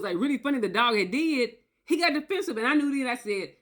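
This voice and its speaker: Woman telling a personal story to camera, animated and conversational, acts out what others said. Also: high voice, quick pace. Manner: animated, acts out quotes, tags lines with "okay?". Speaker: video creator. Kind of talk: casual storytelling monologue.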